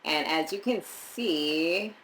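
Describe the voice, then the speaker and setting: A young woman from Montserrat chatting casually as a vlogger, rambling with animated asides. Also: sits low, slow pace, poor audio. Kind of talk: casual chat reviewing DNA results.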